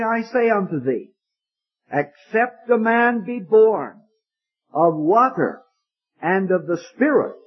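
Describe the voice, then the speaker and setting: A man preaching an emotional sermon, repeating his points and calling the listener "friend". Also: high voice. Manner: emphatic, repeating phrases, addresses listener as friend. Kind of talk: evangelistic sermon. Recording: dull lo-fi sermon recording.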